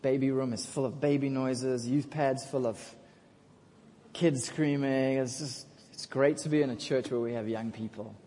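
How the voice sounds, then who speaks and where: A man's voice: medium pitch, fairly even intonation, moderate pace, mellow. A man preaching a sermon in a casual, jokey storytelling manner, calling out to the congregation for responses. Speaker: pastor. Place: church. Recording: long church hall reverb.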